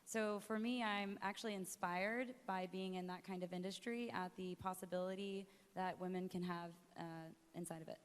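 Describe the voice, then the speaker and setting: A woman panelist answers with candid good cheer. Her voice is mid-pitched, and the long echo of a large hall follows her words. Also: steady tone, normal speed, hardly any pauses, clean tone. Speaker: panelist, entrepreneur.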